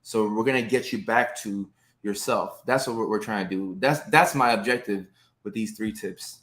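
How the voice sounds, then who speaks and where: A man in his thirties chats on a live stream with a fairly low-pitched voice. He is upbeat and greets viewers by name, talking loosely with plenty of "uh"s. He is recorded up close on a phone or webcam indoors. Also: normal speed, fairly bright tone. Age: 30s.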